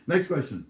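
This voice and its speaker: Brief: male host, loose rambling delivery, quick to laugh, roomy echo. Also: slight background noise. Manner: rambling, joking, laughs often. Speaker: livestream host. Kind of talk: casual livestream Q&A.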